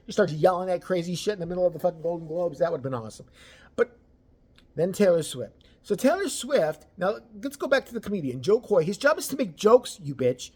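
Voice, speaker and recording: A person ranting about celebrity gossip, crude and mocking, swearing constantly and swinging between loud outbursts and low mutters. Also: slightly rough. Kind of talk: profane ranting commentary.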